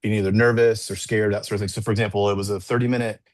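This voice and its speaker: Low-voiced man telling a story, rambling. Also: flat delivery, rapid-fire, no room sound. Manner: rambling, full of restarts and "like", acts out quoted people. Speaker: assistant track and field coach, podcast guest. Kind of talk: casual storytelling in an interview.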